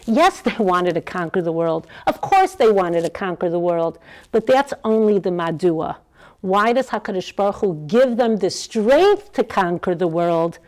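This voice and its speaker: A woman's voice: on the low side, expressive, measured pace, darkish tone, poor audio. A woman giving a Torah lecture to a class, asking the room questions and weaving in Hebrew terms. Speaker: Torah teacher.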